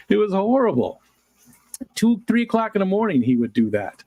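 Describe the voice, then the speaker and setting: A man's voice: high voice, big pitch swings, normal speed, dark tone, no room sound. A middle-aged man hosting a livestream, rambling casually to his viewers and chuckling often as he answers comments. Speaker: livestream host.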